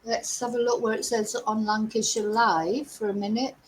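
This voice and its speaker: A woman's voice: on the high side, level tone, moderate pace, rough recording. A middle-aged woman giving chatty, exasperated livestream commentary as a true crime host. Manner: chatty, exasperated, laughs between remarks.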